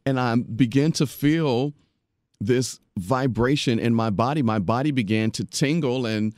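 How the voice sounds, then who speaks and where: A man's voice: medium pitch, measured pace, darkish tone, no room sound, clean studio sound. A man hosting a podcast interview in casual chat, enthusiastic and affirming, often restarting his sentences. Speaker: podcast host.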